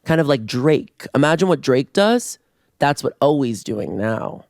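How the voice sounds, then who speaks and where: A man hosting a casual solo podcast, playful and campy, breaking into screams, his voice going hoarse. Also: medium pitch, big pitch swings, unhurried, darkish tone, no echo, clean studio sound. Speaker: podcast host. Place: residence room in Toronto. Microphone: podcast mic on video.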